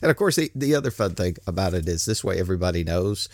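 A man's voice: sits low, lively intonation, fast, darkish tone, no room sound, studio quality. An older man hosting a podcast, talking in a rambling, folksy way and chuckling often. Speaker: podcast host. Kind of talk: casual solo podcast monologue.

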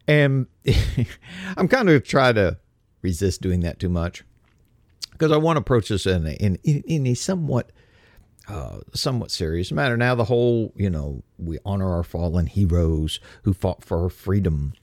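An older man hosting a talk radio monologue, speaking deliberately and slowing down to stress his points. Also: low-pitched, lively intonation, a little mellow, dry recording, studio quality. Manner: deliberate, slows for emphasis. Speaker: radio host.

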